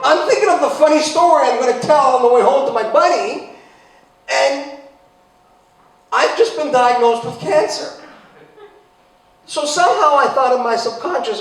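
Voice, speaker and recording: A man in his forties telling a comic personal story to a live audience, sarcastic and bursting into loud high exclamations. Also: lively intonation, normal speed, long pauses. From Italian heritage. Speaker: event speaker. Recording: echoey hall from far off, faint noise.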